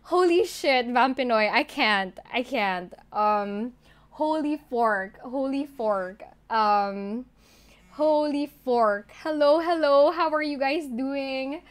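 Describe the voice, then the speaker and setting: High-voiced giggly woman streamer. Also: slow. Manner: excitable, giggly, gushing thanks to chat. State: shaky and overwhelmed, near tears. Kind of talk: live game stream chatter.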